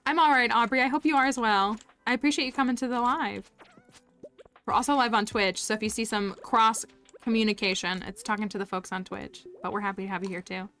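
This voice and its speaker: Casual woman game streamer, bright smooth voice, chatty and giggly, faint music underneath. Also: on the high side, steady tone, brisk. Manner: chatty, giggly, thanks viewers. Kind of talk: casual live-stream chat while gaming.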